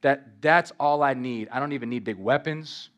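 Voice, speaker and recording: A man voicing Jesus as a calm, gentle grown man, speaking softly and slowly. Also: mid-range voice, voice pushed down, natural voice. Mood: tender.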